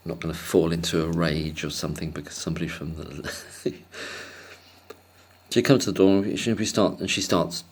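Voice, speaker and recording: A man's voice: low voice, steady tone, moderate pace, breathy edge. A man telling a casual, rambling story to camera, hesitant and self-deprecating, chuckling often. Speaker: vlogger.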